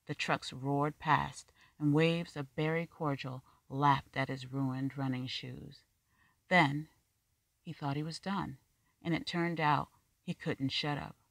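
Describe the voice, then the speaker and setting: A measured story narrator with a wry edge, reading prose at an even mid pitch. The sound is dry and close, with no room around the voice. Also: vocal fry, no room sound. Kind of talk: scripted fiction narration.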